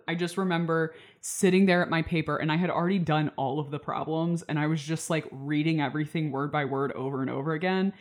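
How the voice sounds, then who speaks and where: Low-voiced chatty woman in her twenties. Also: a little mellow. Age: 20s. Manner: chatty, reflective, laughs often. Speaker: podcast host. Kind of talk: casual podcast conversation.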